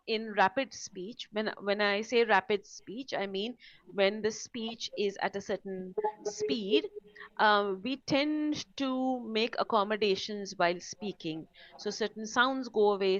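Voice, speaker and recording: A woman's voice: medium pitch, fairly bright tone, no echo, highs cut off. A woman teacher giving a live online lesson on pronunciation, explaining step by step and often checking in with "right?". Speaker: test prep teacher.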